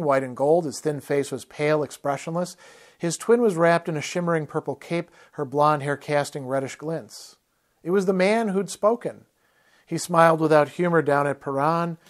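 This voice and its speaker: Man reading a novel aloud in a lecture. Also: fairly high pitch. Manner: measured, expressive reading.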